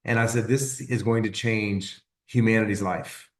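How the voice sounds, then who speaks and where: Animated man telling a personal story, roomy sound. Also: on the low side, normal speed, far from the mic. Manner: animated storyteller acting out quoted dialogue. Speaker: presenter on an informational call.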